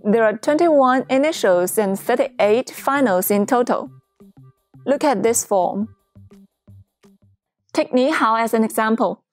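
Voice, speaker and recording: A woman teaching a beginner's pronunciation lesson in a clear, patient scripted dialogue. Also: fairly high pitch, animated, takes it slowly, long pauses, darkish tone, soft background music. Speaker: Chinese teacher.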